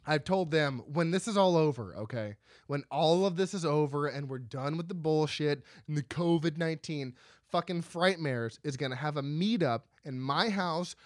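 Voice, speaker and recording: A man in his thirties hosting a casual podcast from home. He is excitable, swears a lot and breaks into loud bursts and laughter. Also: fairly high pitch, moderate pace, no echo, clean studio sound. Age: 30s. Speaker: podcast host. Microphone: studio microphone.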